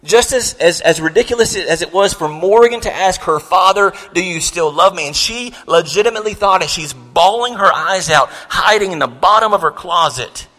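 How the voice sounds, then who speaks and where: A man's voice: sits high, lively intonation, normal speed, few pauses, sharp tone, long reverb tail. A man in his thirties preaching a sermon, telling a story in an earnest way with many restarts. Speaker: pastor.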